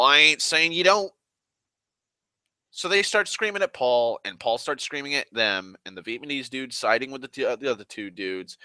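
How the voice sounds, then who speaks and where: Young guy ranting, cussing constantly, bright tense voice, dry close mic. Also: mid-range voice, dry recording. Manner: profane, exasperated, acts out quoted people. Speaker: vlogger telling a story. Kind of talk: profane storytelling rant.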